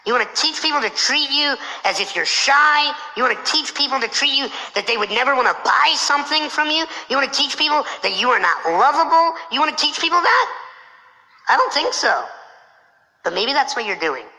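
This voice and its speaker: Male motivational speaker, playful, acts out the people in his stories; tense, bright delivery with long reverb from a large hall. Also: extremely high pitch, lively intonation, brisk, few pauses. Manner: playful storyteller, acts out other people's lines. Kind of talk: motivational keynote talk.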